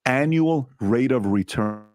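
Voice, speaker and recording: A man's voice: medium pitch, animated, slow pace, darkish tone. A man on a podcast explaining investment returns, building his point step by step with rhetorical questions.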